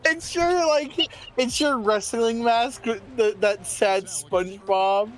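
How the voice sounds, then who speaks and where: A young man guest on a game stream, chatting casually in a halting, giggly way that often trails off. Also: very high-pitched. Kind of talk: casual chat.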